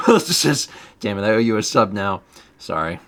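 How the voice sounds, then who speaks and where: A man's voice: lowish voice, wildly swooping pitch, moderate pace, fairly bright tone. A man chatting casually on a game stream, rambling and amused, with frequent fillers and asides.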